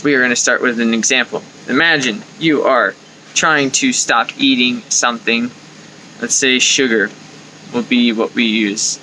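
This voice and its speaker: A man's voice: medium pitch, unhurried, slight background noise, rough recording. A young man hosting his own coaching video, talking casually and acting out the thoughts in his head. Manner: conversational, acts out inner thoughts with lively quoted asides. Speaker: life coach and video host. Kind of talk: casual talking-to-camera advice.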